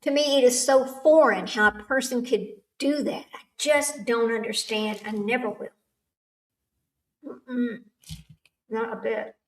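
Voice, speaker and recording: A woman's voice: a little high, steady tone, measured pace. Chatty older woman streaming, echoey room. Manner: chatty, rambling, laughs often. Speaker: livestream host. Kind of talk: casual chat with live chat. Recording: echoey room, far from the mic.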